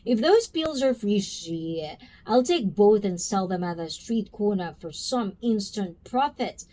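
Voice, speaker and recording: A woman's voice: medium pitch, expressive, unhurried, mellow, a little hiss or hum. A woman hosting a casual livestream, chatting with viewers and calling them by name. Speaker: livestream host reacting to chat.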